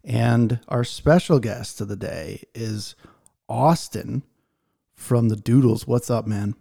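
A man from New England hosts a casual podcast chat with a gravelly, mellow voice. He talks in a loose, joking way, with "like" scattered through his lines. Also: mid-range voice, slow. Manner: loose, joking, says "like" a lot. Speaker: podcast host.

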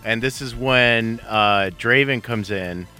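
Bright-voiced man chatting casually. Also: mid-range voice, slow, clear, resonant tone, faint music behind. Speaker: podcast co-host. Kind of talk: casual chat.

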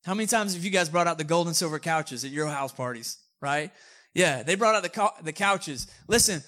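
Pastor, chatty humorous sermon, slightly high male voice. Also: expressive, brisk, sharp tone. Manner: casual, joking, conversational preaching.

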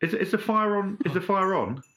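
A tabletop game player who weighs each move aloud in a deliberate, drily funny way. The pitch is mid-range but moves around a lot. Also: animated, fairly bright tone.

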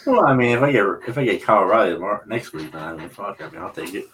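A man co-hosting a podcast in casual chat, excitable and rambling, swearing now and then. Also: lowish voice, racing, slight background noise. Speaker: podcast co-host.

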